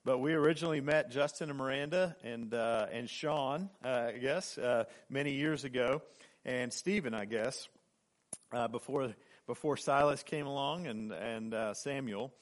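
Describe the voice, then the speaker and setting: A man in his forties from Oklahoma, a guest preacher giving a sermon and telling a story, halting with fillers and restarts. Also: medium pitch.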